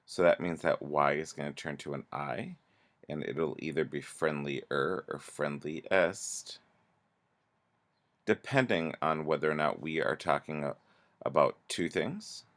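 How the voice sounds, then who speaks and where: A man teaching a grammar lesson, explaining slowly and patiently with pauses and restarts. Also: extremely low pitch, fairly bright tone.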